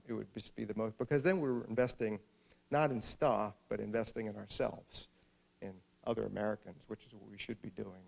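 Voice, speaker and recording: A man's voice: fairly low pitch, vocal fry, darkish tone. A middle-aged man, an author, gives a humorous public talk and tells a wry, self-deprecating story. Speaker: author speaking at an event.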